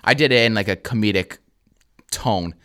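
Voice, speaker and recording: A young Canadian man co-hosting a podcast, telling a comedy-show story in a casual, animated way, swearing and acting out the crowd. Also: on the low side, normal speed, clean tone. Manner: animated, swears a lot, acts out crowd voices.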